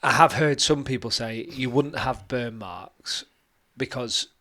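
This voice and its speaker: A man's voice: medium pitch, measured pace, bright, forceful tone. A man co-hosting a podcast, chatting in a gossipy way and laughing often. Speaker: podcast co-host. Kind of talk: casual chat.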